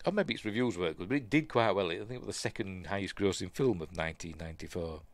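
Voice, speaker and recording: A man's voice: deep voice, quick pace, dry recording. A man with a Yorkshire accent hosting a live news stream, reading headlines aloud and then chatting about them casually with plenty of fillers. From Yorkshire, England.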